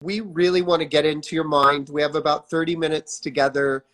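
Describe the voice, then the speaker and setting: A man's voice: on the high side, fairly even intonation, brisk, fairly bright tone. A man conducts a casual interview and reacts with open enthusiasm, sounding easily impressed. His voice sits slightly above the usual male range. He asks his questions in a loose, conversational way.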